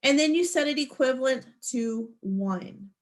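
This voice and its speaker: A woman's voice: sits high, expressive, a little slow. A woman teaching a math class over a video call, patient and encouraging as she explains each step. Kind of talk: online class lesson.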